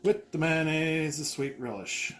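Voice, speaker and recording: A man's voice: on the high side, measured pace, a bit bright, a little hiss or hum. A man co-hosting a jokey home cooking demonstration, repeating each step in a goofy play-by-play. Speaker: cooking show co-host. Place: home kitchen. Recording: clatter of dishes in a kitchen.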